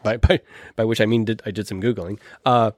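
A man's voice: fairly low pitch, steady tone, fairly quick, no echo, clean studio sound. A man chatting casually about old films, rambling with many restarts and plenty of enthusiasm. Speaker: podcast host or guest discussing films. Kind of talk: casual chat.

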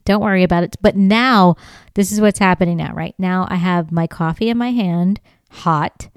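Animated, swearing woman comic. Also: fairly low pitch, unhurried, clean tone, no echo, clean studio sound. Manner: animated, swears freely, laughs often, acts out quoted lines. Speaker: podcast host. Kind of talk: comedic storytelling monologue.

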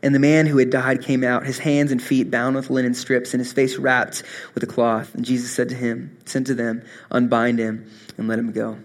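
A young man preaching a sermon, earnest and swinging from soft, intimate moments to impassioned rises. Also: medium pitch, little pitch movement, moderate pace. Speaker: pastor.

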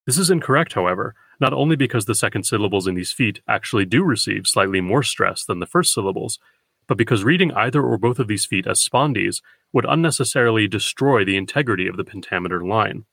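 A man hosting a poetry podcast, giving a scripted, measured lecture and slowing down to read verse. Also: on the low side, animated, creaky, a bit bright, slightly rough, no echo. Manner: measured, deliberate, slows for quoted verse.

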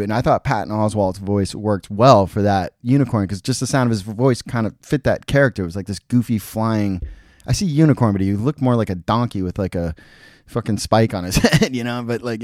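Blunt, low-voiced man reviewing shows. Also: a little mellow, dry recording, clean studio sound. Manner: blunt, opinionated, swears freely. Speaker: podcast host. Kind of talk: casual solo review.

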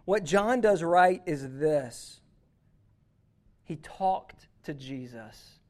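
Animated young male youth pastor preaching. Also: a little high, extremely slow. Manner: animated, acts out inner dialogue with God. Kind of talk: sermon.

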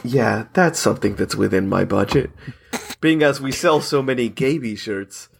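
A man's voice: medium pitch, expressive, normal speed, vocal fry, a little hiss or hum. A young man on a podcast, ranting in a self-mocking way, laughing and swearing often as he complains. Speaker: podcast co-host. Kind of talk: casual podcast banter.

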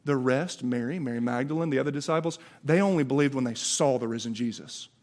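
A man's voice: mid-range voice, fast talker, a little mellow. A man with a Southern US accent preaching an Easter sermon, impassioned and conversational, often restarting his words. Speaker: pastor.

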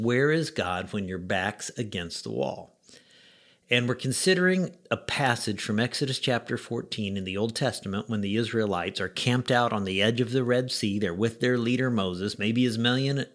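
Earnest pastor, man, lively speaking. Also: mid-range voice. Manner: earnest, conversational storytelling with lively emphasis. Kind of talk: radio devotional message.

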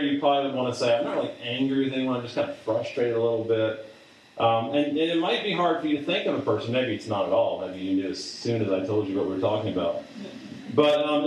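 A man giving a conversational sermon to a group, halting often with fillers and restarts. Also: mid-range voice. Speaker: preacher. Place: large room with audience. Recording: echoey hall from a distance.

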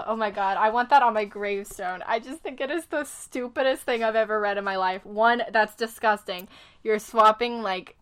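A woman's voice: medium pitch, fairly bright tone, clear, resonant tone. A woman co-hosting a casual book chat, laughing often and reading passages aloud. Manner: giggly, quick to laugh, reads passages aloud. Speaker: podcast co-host.

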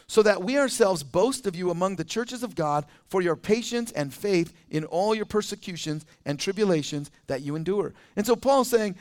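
A man with a noticeably high voice delivers a sermon to his congregation. He keeps it conversational, chuckling as he goes and slipping into quick acted-out scenes. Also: a little mellow. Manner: conversational, chuckles often, acts out little scenes. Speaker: pastor. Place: church.

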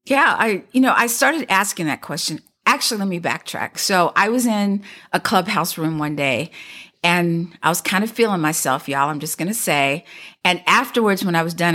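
A woman's voice: medium pitch, animated, a little fast, fairly bright tone. A woman hosting a podcast, chatting casually and playfully with her guest and listeners. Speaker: podcast host. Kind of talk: casual interview chat.

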